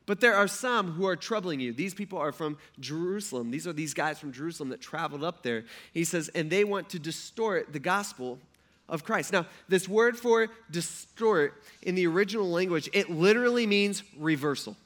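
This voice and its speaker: A man preaching a sermon to his congregation, animated and joking, often acting out the people he describes. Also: high voice, moderate pace. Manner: animated, joking, acts out voices. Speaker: pastor.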